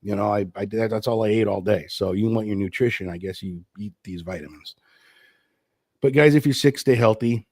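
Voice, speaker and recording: A man's voice: brisk, a little mellow, dry recording, studio quality. Worn-out sick man rambling on a live stream. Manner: rambling, loose, low-energy. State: sick with flu, tired. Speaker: host of a live stream show. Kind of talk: casual live stream chat. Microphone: streaming setup.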